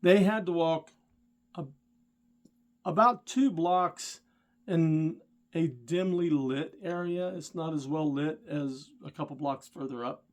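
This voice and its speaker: A middle-aged man with a somewhat high voice tells a story from his driving days in a casual vlog. He talks straight to the viewer and gets worked up and indignant as he goes. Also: slow pace. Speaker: rideshare driver and channel host.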